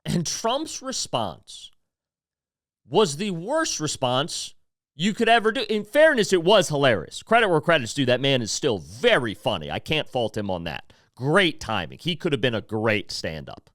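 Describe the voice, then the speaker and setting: Animated man hosting a podcast. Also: fairly high pitch, moderate pace, no echo, studio quality. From United States. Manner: profane, rambling, with many fillers. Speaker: podcast host. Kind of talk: casual commentary podcast.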